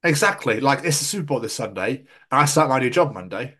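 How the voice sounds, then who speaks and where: A man in casual podcast banter, crude and animated, slipping into funny voices as he tells stories. His pitch sits in an ordinary middle range. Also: quick pace. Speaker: podcast co-host.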